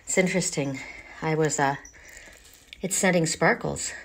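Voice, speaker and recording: Chatty woman card reader, lowish voice, loose rambling talk at home with a faint noise behind. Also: measured pace, vocal fry. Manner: chatty, rambling, loses her train of thought; coos in a high baby voice to her pet. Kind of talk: casual chat to camera. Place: at home, in her bathroom.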